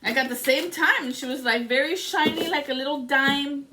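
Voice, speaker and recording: A woman doing a casual tarot reading, telling a story in a rambling, excitable way and swearing often. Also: high voice, a little fast, slight background noise. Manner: rambling and profane. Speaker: tarot reader.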